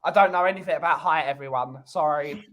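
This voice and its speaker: A man's voice: fairly high pitch, fast, a bit bright. A man from Essex joking around on a casual football panel. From Essex, England. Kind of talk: casual chat.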